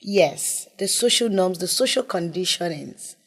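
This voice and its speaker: A woman, speaking earnestly as a guest in a conversational interview and often dropping to softer tones. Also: lowish voice, lively intonation, a little slow, slightly rough. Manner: earnest, emphatic, drops to soft tones. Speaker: guest, mental health advocate.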